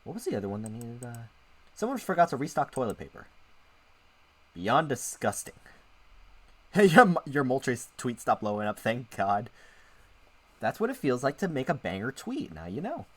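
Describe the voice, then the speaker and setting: A man streamer chats casually with his viewers while reading through a visual novel. He rambles and often cuts himself off mid-sentence, his voice mid-pitched and bouncing lively up and down. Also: normal speed. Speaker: streamer and VTuber.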